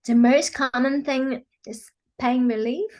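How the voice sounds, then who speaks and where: A woman's voice: high voice, steady tone, slow. A woman guest, a healing practitioner, explaining her work earnestly with frequent fillers. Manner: earnest, many "you know" fillers, acts out quotes. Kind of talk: explanatory interview talk.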